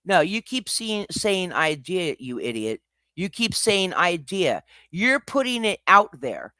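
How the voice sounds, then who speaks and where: A man's voice: high voice, sing-song, slow pace, pushed and bright, dry recording, clean studio sound. A man hosting a livestream, confronting people in a heated, profane rant. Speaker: livestream host.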